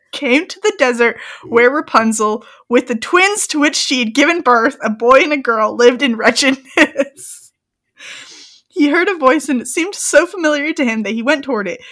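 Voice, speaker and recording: A woman's voice: sits high, lively intonation, normal speed, fairly bright tone. A young woman reading a fairy tale aloud, breaking off into giggly, joking commentary. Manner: giggly, reads old-fashioned text then breaks into joking commentary. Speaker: story reader and co-host.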